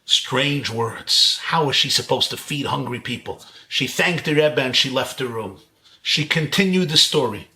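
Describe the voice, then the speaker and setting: A man from Brooklyn, a rabbi telling a story in an animated lecture over a video call, full of rhetorical questions. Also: medium pitch, measured pace. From Brooklyn, New York. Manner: animated, rhetorical questions, chuckles at own jokes.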